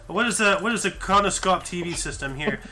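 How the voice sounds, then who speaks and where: A man's voice: high-pitched, lively intonation, brisk, over music. A man hosting a casual group chat, reading out historical events and joking around. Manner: jokey, slips into a mock Australian accent.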